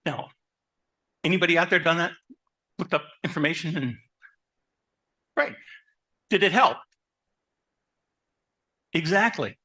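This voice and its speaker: A man who works as a therapist, giving a lively talk to an audience, asking them questions and telling stories about his own life. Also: on the high side, moderate pace, pauses often. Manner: animated, asks the audience questions; personal anecdotes, conversational. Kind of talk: live presentation to an audience.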